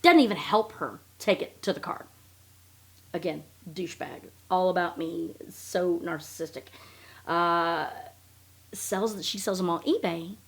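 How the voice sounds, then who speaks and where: A woman's voice: lowish voice, a little slow, creaky, breathy edge. A woman hosting a podcast, recapping in a blunt, profane, sarcastic casual chat. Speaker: podcast host.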